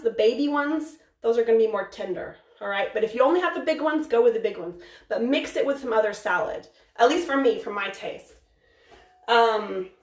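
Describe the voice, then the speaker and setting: A woman with a fairly high voice chats excitably through a live cooking stream, rambling and restarting her sentences as she goes. She sounds a little distant from the mic, in an echoey home kitchen with a faint hiss underneath.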